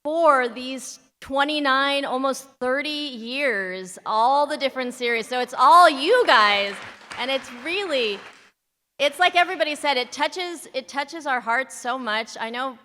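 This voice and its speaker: Bright-voiced tearful woman in a hall. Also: high voice, measured pace. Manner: heartfelt, tearful. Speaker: panel guest, actress. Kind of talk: convention panel talk. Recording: reverberant hall with crowd.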